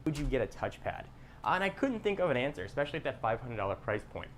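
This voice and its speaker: Measured man reviewing a tablet. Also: mid-range voice, big pitch swings, slight background noise. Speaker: tech reviewer. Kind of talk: scripted product review.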